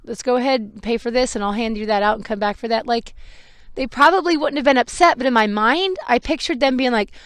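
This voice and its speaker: A woman's voice: on the high side, brisk, no room sound, clean studio sound. A woman, likely in her thirties, hosting a podcast and candidly recounting a personal story, acting out the voices in it. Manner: candid and self-reflective, with lively quoted dialogue. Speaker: podcast host.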